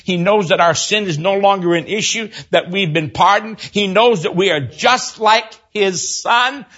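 An older man preaching a sermon, telling a personal story and swinging from loud exclaims to hushed low storytelling. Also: muffled recording.

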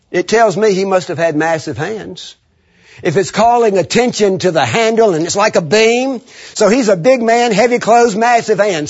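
A man preaching a sermon, animated and laughing often, leading the congregation in call-and-response. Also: high-pitched, breathy edge. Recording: muffled lo-fi sermon recording.

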